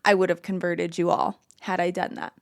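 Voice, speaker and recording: An American woman, a newsletter writer, chatting casually on a podcast with relaxed, confident opinions. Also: fairly low pitch, brisk, vocal fry, no room sound, clean studio sound. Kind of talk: casual chat.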